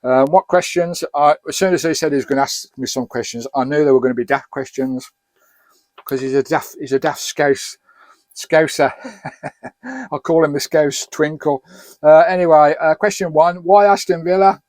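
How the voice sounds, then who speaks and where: A man's voice: a little high, fairly even intonation, moderate pace, darkish tone, no room sound. A middle-aged man from Birmingham with an English accent, answering viewer questions in a chatty, rambling and jokey way. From Birmingham, England. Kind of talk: casual chat.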